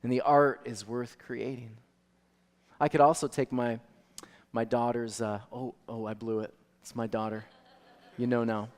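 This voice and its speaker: A male pastor preaching a sermon, animated storytelling that swings from soft to loud. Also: mid-range voice, unhurried. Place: church sanctuary. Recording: long reverb of a church hall.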